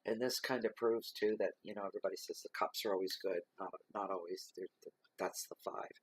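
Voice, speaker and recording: Husky low-voiced man reading tarot. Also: fairly even intonation, no room sound. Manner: slow, reflective, reading card keywords aloud. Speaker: tarot reader.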